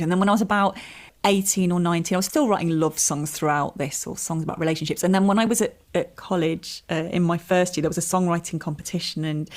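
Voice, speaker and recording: Chatty woman, self-deprecating. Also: fairly low pitch. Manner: chatty, self-deprecating, laughs while telling stories. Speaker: comedian and writer, guest. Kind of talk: relaxed interview chat.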